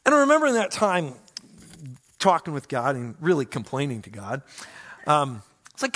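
A man, a pastor, preaching a sermon with animated, self-mocking storytelling and playful complaints to God. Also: on the high side, moderate pace.

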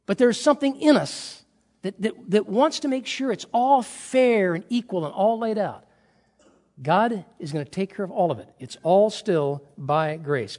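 A middle-aged male pastor delivers an animated sermon, acting out stories and swinging from loud to hushed. His voice sits high for a man. The sound carries a long reverb, like a large sanctuary.

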